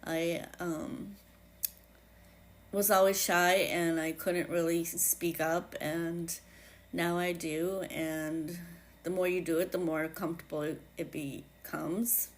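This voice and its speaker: A woman with a New England accent hosting her own podcast, reflecting in a casual, halting way with many fillers and restarts. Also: lowish voice, flat delivery. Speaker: podcast host.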